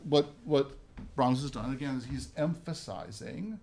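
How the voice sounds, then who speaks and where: A man's voice: medium pitch, a little slow, darkish tone, soft background music. A man leading a hands-on violin workshop, chatty, singing phrases and checking in with "right?" as he coaches the players. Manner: chatty, sings phrases, frequent "right?" and "okay?". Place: room with musicians playing.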